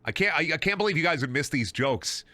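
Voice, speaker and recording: A man's voice: on the high side, animated, quick pace, bright, forceful tone, no room sound. A man streaming a video game, talking in a sarcastic, rambling, profane way with frequent laughing and repeated words. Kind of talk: casual game livestream commentary.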